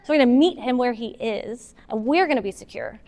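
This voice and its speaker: A woman giving a casual, animated talk to a moms' group, taking audience questions and acting out what partners say. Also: on the high side, fairly quick. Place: meeting hall with an audience. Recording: long hall reverb.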